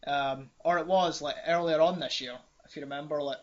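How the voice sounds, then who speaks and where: Male podcast host, higher-pitched, rambling and self-mocking, dull lo-fi audio. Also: fairly even intonation, brisk, a crowd in the background. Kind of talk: casual chat. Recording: dull lo-fi sound.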